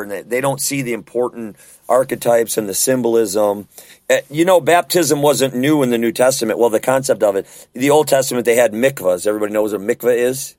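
A man's voice: medium pitch, a little fast, a little mellow, no echo. Earnest man leading a Bible study. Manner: earnest, conversational, asks rhetorical questions. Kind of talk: casual Bible study discussion.

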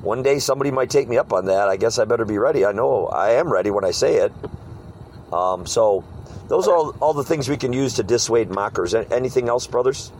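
Animated man telling street-preaching stories. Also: mid-range voice, brisk, slight background noise, poor audio. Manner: animated storyteller, mimics hecklers. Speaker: street preacher leading a discussion. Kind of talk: casual group talk with acted-out quotes.

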